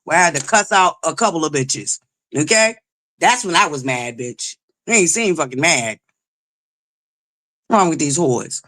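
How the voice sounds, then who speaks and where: Loud, foul-mouthed woman livestream host. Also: low voice, lively intonation, moderate pace, long pauses. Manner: loud, belligerent, swears constantly; greets and thanks viewers, pushes for likes. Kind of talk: profane live-chat commentary.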